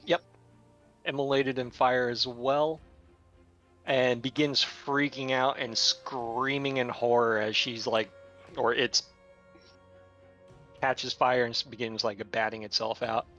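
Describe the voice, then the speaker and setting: Bright-voiced man running a tabletop game. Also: medium pitch, slow pace, long pauses, highs cut off, faint music behind. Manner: relaxed, descriptive, with filler words. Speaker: game master.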